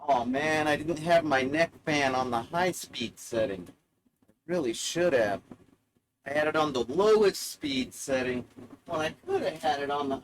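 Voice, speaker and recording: A man's voice: on the high side, a little hiss or hum, rough recording. A man streaming live, rambling in a sardonic, self-mocking way and swearing freely.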